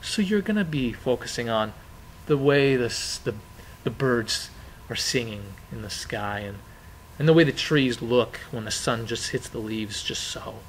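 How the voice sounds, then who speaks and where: A man's voice: mid-range voice, animated, a little slow, slight background noise, low-quality recording. A man teaching a lesson in an informal, conversational way, repeating key phrases with frequent fillers. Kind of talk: informal classroom explanation.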